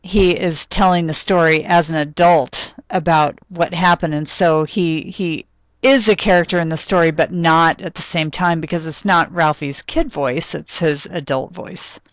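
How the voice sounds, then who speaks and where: Woman lecturer, low voice, dry sound, explanatory with ums and restarts. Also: steady tone, moderate pace, no room sound. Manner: explanatory, thinks aloud with frequent ums and restarts. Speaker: literature lecturer. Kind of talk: recorded classroom lecture.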